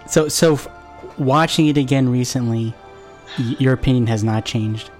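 A man with a mid-range voice chats in a relaxed way, laughs often and throws in questions. Faint music plays in the background. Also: mid-range voice, normal speed. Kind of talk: casual chat.

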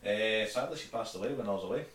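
A man's voice: fairly low pitch, animated, quick pace, a bit bright, poor audio. A young man in his twenties, a sailor on leave, guesting on a friend's podcast, talking in a laid-back, hesitant way with lots of fillers. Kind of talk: casual chat between friends.

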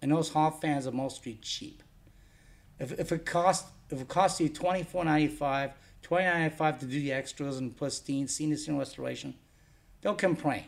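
Label owner guest, very gravelly man's voice, pitched a bit high, blunt and rambling. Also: a little fast. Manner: blunt, rambling, swears freely. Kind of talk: casual interview chat.

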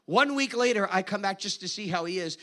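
A man preaching a sermon in an animated, conversational storytelling manner. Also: sits high, brisk. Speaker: guest preacher.

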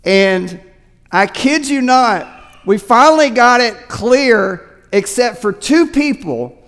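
A man's voice: very high voice, animated, slow, fairly bright tone, big-room sound. A man preaching a sermon as pastor, talking conversationally and often repeating his words mid-sentence. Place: church sanctuary.

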